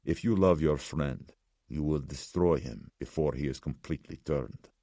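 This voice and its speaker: A man's voice: extremely low pitch, vocal fry, mellow, no room sound, studio quality, full character voice. A man voicing a somber, ominous old survivor. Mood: grave. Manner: slow, grave, measured.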